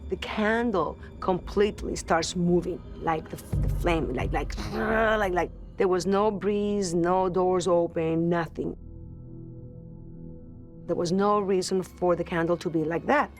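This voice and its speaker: Woman, lowish voice, earnest personal storyteller, halting and repetitive, music score underneath. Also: steady tone. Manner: earnest, searching for words, repeats phrases. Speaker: celebrity guest telling a ghost story. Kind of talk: emotional personal storytelling to camera.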